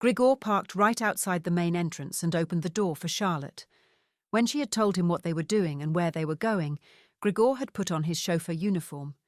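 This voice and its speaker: Low-voiced woman narrating a novel. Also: no echo, studio quality. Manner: calm, steady reading. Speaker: audiobook narrator. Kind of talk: scripted narration.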